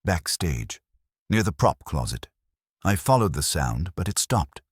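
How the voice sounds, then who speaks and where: Man playing a gruff older stage manager, deep and husky, dry sound. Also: big pitch swings, unhurried, no echo, full character voice. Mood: uneasy. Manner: gruff, plain-spoken. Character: grizzled anxious older male stage manager.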